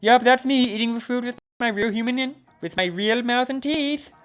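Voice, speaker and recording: A man voicing a bubbly, airheaded ghost party girl in a video game, squeaky and giddy. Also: normal speed, a bit bright, clean tone.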